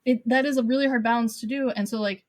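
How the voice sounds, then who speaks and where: Woman guest, higher voice, dry close sound, thoughtful and quick to laugh. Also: fairly even intonation, darkish tone, no echo. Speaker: podcast guest. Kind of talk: casual chat.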